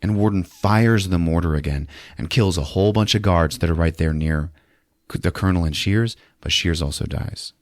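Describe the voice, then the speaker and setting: A man hosting a podcast who recaps a movie in casual, animated speech, swearing and acting out the scenes. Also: low voice, moderate pace, dry recording, studio quality. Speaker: podcast host. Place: podcast studio.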